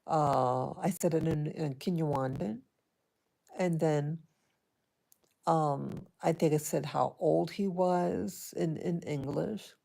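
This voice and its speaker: A woman vlogger telling a personal story to her viewers in a hesitant, halting way, with many restarts. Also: low-pitched, creaky, mellow. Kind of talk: casual personal storytelling to camera.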